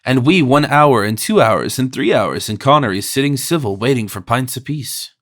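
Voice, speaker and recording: A man's voice: mid-range voice, animated, moderate pace, no echo, studio quality, lightly acted. A man voicing a boisterous, mocking young man with a theatrical, jesting manner, read from a classic audiobook. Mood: querulous mock brogue.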